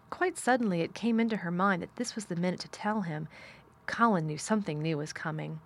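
Woman calmly narrating an audiobook. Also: lowish voice, fairly quick, gravelly. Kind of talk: audiobook reading.

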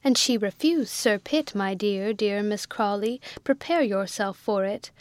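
A woman's voice: mid-range voice, unhurried, no echo, natural voice. A woman voicing a scheming, gossipy middle-aged sister-in-law who speaks in a breathless, falsely solicitous way.

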